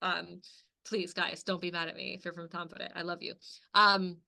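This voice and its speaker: A woman's voice: fairly low pitch, flat delivery, moderate pace, vocal fry, bright, forceful tone. A woman co-hosting a podcast in casual chat, talking loosely with lots of filler words and the odd swear. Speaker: podcast co-host.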